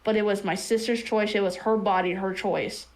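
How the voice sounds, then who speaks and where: A woman's voice: medium pitch, steady tone, moderate pace, rough recording. A woman telling a personal story on a stream in a blunt, rambling way. She swears freely and fills her talk with restarts. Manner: many restarts and fillers like "like". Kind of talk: casual storytelling chat on a stream.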